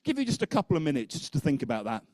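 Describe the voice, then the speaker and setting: A man speaking at a teachers' conference, a lively storyteller who keeps checking in with the audience. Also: fairly high pitch, very fast, no room sound. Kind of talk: conference talk.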